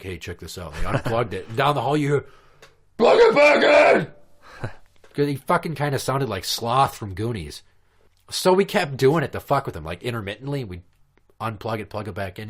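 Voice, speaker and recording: A Minnesota man hosts a podcast, telling stories in an animated, brisk, mid-range voice. His casual chat is crude and profane, and he laughs at his own jokes.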